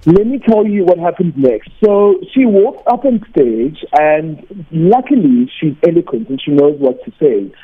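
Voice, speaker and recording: A man, a teacher and radio host, calling in to tell an animated story and acting out the people in it. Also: a little high, unhurried, hardly any pauses, husky, soft background music. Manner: animated anecdote, acts out quoted voices. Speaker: teacher and weekend radio host, phone guest. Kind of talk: storytelling on a phone call. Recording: tinny phone line.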